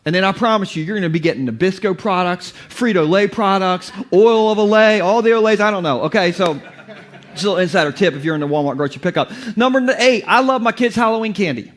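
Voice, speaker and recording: A man's voice: sits high, fast. A man preaching as a pastor to his congregation, in a playful joking way, often laughing. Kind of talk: humorous sermon. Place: church basement before a congregation.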